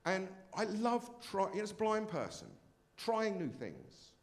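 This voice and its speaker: A man's voice: high voice, huge pitch swings, slow. A man performing a brash, self-mocking stand-up comedy set on a club stage.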